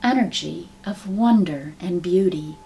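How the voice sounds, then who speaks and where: A woman teaching a sound healing technique in a calm, measured, soft-spoken way, guiding the listener step by step. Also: fairly low pitch, creaky, music in the background. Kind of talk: slow guided teaching.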